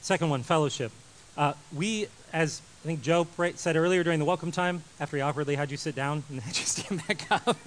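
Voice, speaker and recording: A man in his thirties preaching a sermon, animated, moving from loud emphasis to quiet intensity. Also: on the high side, a little hiss or hum, low-quality recording. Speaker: pastor.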